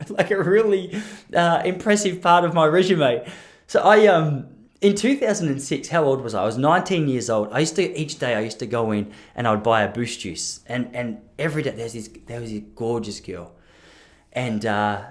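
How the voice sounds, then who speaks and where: A man, rambling and joking about himself as a podcast host. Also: a little high. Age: 30s. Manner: self-deprecating, rambling with restarts and laughs. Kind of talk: solo rambling podcast monologue.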